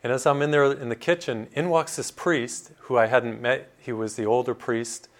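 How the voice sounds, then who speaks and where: Middle-aged priest telling a story. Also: male voice, mid-range voice, normal speed. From Massachusetts. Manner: conversational, animated storytelling with asides. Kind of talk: storytelling sermon.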